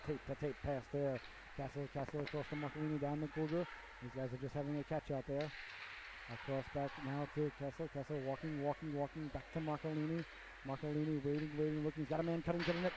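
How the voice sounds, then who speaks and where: Give me a man doing folksy hockey play-by-play, slightly high voice, with a lot of noise behind. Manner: folksy, joking asides to the audience. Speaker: play-by-play commentator. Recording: noisy amateur broadcast audio.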